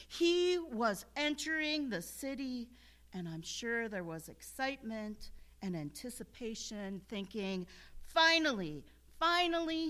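Bright-voiced woman preaching a sermon. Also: on the high side. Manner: leads call-and-response with congregation; earnest, rising to emphatic shouts. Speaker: pastor. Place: church.

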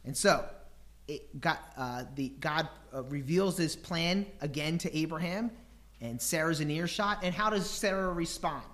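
A man's voice: on the high side, measured pace, a bit bright. A man preaching a sermon, teaching scripture with rhetorical questions and acting out voices and laughter.

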